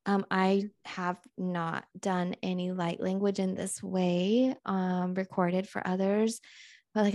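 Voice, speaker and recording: A woman hosting a podcast, leading a guided channeling session in a calm, unhurried, musing way. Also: mid-range voice, no room sound, studio quality.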